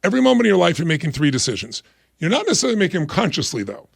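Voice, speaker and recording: Brief: fast-talking man in his sixties, gravelly voice, energetic interview guest, dry sound. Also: high-pitched, no echo. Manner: energetic, emphatic, acts out quoted voices. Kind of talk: motivational interview talk.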